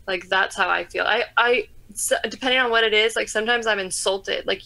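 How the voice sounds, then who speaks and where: Young woman with a gravelly voice chatting. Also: medium pitch, a little fast, bright, forceful tone. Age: young adult. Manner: rambling, filler-heavy. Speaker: podcast co-host. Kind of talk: casual chat.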